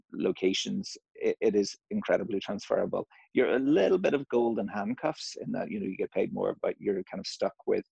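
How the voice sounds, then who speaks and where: A middle-aged man with a Northern Irish accent softened by years in America, his voice very low and gravelly with a husky edge. He talks in a casual, hesitant way, full of fillers and restarts. The sound is dry and close. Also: no echo, dull audio. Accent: Northern Irish, slightly Americanized. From Northern Ireland. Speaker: interviewee. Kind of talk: casual interview conversation.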